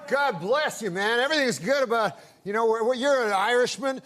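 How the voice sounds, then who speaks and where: A man guesting on a talk show as a comedian, telling a rambling, deadpan, meandering anecdote. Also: very high-pitched, moderate pace, hardly any pauses.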